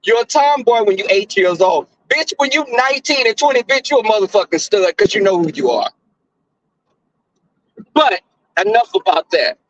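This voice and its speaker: Animated, high-voiced man ranting. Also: moderate pace, no room sound, lo-fi sound. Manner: animated, profane storytelling. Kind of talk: casual commentary chat.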